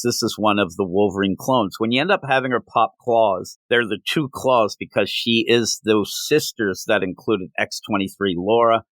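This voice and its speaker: A man's voice: lowish voice, no echo. A man co-hosting a comic book review show, talking casually and rambling with frequent restarts. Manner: rambling, animated, with many restarts.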